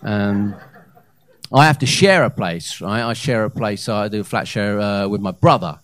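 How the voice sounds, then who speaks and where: A man in his thirties performing a live stand-up set on a comedy club stage into a handheld mic, with hesitant fillers and loud punchlines. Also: fairly low pitch, moderate pace, no echo, clean studio sound. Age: 30s.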